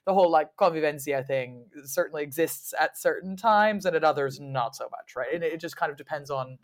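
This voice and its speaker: A woman speaking as a guest historian in a casual podcast conversation, animated and wry, laughing often and mimicking voices when she quotes people. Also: low voice, brisk.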